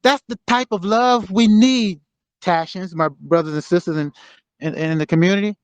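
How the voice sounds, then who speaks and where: A man in his sixties giving a motivational exhortation over a remote call, halting with many fillers and building to fervent emphasis. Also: sits high, clean tone, no echo. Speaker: guest speaker. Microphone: remote call connection.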